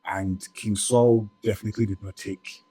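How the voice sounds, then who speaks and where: Chatty low-voiced man retelling a Bible story. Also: steady tone, normal speed, warm tone, slightly rough, rough recording. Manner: chatty, lots of "like" and "right?", jokey asides. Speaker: church storyteller.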